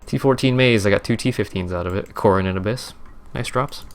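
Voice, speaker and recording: A man's voice: on the low side, a little fast, faint music behind. A young man, a streamer, casually recapping his game trades in a rambling, profane, self-correcting way.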